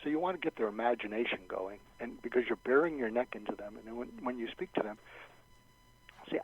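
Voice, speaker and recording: Husky guy on a dull lo-fi dry recording, talks through examples, lots of restarts. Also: medium pitch, fast talker. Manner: animated, acts out example phrases, frequent restarts. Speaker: guest expert. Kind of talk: interview advice.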